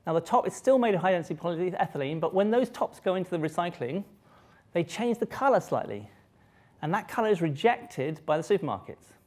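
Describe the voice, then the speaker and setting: Lively guy lecturing a crowd, pitch all over the place, keeps cutting himself off and joking. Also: normal speed. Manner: lively, self-interrupting, joking with audience. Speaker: public lecturer. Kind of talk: live science lecture. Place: lecture hall.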